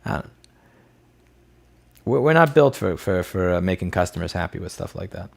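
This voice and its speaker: A man with a somewhat low voice hosts a casual livestream Q&A. He reads chat messages aloud and answers them in a blunt, off-the-cuff way, swearing freely. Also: lively intonation, moderate pace, gravelly.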